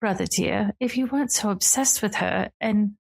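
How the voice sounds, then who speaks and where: A woman's voice: medium pitch, moderate pace, vocal fry, a little mellow, pitched above the performer's own voice. A woman voicing a regal fae noblewoman who teases her brother in a languid, purring way. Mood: teasing. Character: regal teasing fae noblewoman, sister of a god.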